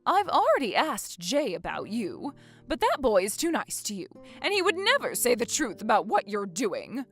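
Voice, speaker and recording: A woman's voice: fairly high pitch, wildly swooping pitch, moderate pace, a bit bright, breathy edge, soft background music, exaggerated voice. A woman playing a bossy, scornful older mother-in-law who nags and orders people around. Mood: scolding. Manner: nagging, domineering.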